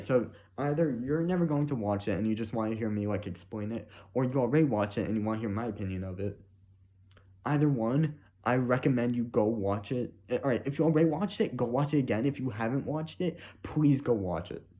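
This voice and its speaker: Rambling young man with a dark voice. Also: medium pitch, fairly quick. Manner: rambling, emotional, swears often, fillers like "right?". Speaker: reviewer. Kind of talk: casual spoken review.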